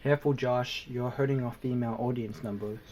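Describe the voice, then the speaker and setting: A man's voice: mid-range voice, steady tone, brisk, darkish tone. A young Australian man co-hosting a podcast in casual chat, joking and teasing, laughing often. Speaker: podcast co-host.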